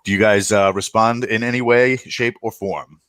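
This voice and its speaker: Low-voiced man running a tabletop game. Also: steady tone, moderate pace, fairly bright tone, clear, resonant tone. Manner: loose, laughing, lots of fillers. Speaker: game master. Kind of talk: casual game intros and narration.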